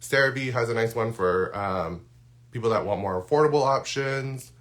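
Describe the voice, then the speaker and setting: A man's voice: medium pitch, normal speed, a bit bright. A man who is losing his voice, chatting casually through a live unboxing with lots of ums and restarts. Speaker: skincare content creator. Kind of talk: live-stream unboxing chat.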